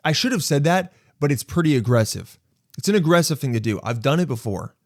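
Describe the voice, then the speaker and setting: A man hosting his own podcast, telling a story in a casual monologue and acting out quoted lines with sudden jumps in pitch. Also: fast talker, no echo, studio quality. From Los Angeles. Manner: animated, acts out quotes with sudden high jumps. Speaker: podcast host.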